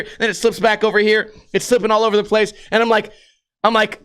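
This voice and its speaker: American guy, pretty high voice, cursing and rambling through podcast stories. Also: quick pace, clear, resonant tone. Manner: profane, animated storyteller. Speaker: podcast host. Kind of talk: casual storytelling monologue.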